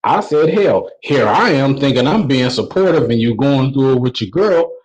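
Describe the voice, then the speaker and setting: A man's voice: medium pitch, animated, moderate pace, darkish tone, poor audio. Man telling a loose stand-up story. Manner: loose, conversational storytelling with slang. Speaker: stand-up comedian. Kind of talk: stand-up routine told as a story.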